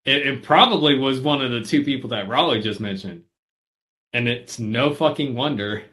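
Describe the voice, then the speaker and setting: A man's voice: mid-range voice, moderate pace, bright, forceful tone, low-quality recording. A man who served in the army, co-hosting a podcast and telling anecdotes in casual chat, laughing easily. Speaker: podcast co-host, army veteran.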